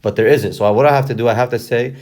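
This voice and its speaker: A man's voice: mid-range voice, fairly even intonation, fast, a little mellow. A man teaching how to read and recite the Quran, explaining the stop symbols patiently step by step and often checking in with "okay?". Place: recorded lesson video.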